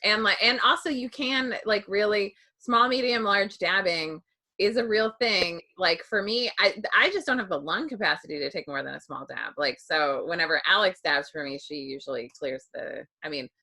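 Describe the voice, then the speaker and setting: A woman hosting a podcast in casual chat, rambling with many fillers and quick to laugh. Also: mid-range voice, pushed and bright. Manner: chatty, rambling, lots of likes and ums, laughs easily. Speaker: podcast host.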